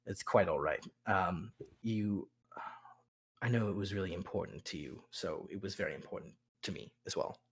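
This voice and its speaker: A man voicing a weary, scarred lord returning from battle, speaking softly and gently. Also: low voice, normal speed, breathy edge, voice pushed down. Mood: tender. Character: weary scarred male lord home from war.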